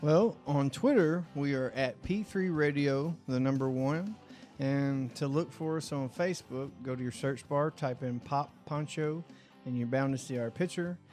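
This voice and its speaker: A man's voice: medium pitch, measured pace, a little mellow, soft background music. A man co-hosting a casual comedy podcast, joking along and reading out the show's contacts. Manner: easygoing, plugs the show's contacts. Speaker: podcast co-host.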